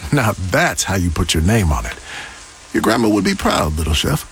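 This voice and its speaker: A man's voice: low voice, big pitch swings, moderate pace, over music. A man playing a patient father who is teaching his child to cook the family gumbo in a scripted radio ad. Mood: gentle.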